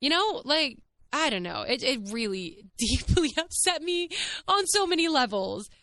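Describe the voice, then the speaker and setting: A woman hosting her own podcast, telling a personal story in a candid, casual way, animated and full of "like" and the odd swear word. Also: high voice, a little slow, dry recording. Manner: frank, animated, heavy use of "like". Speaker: podcast host.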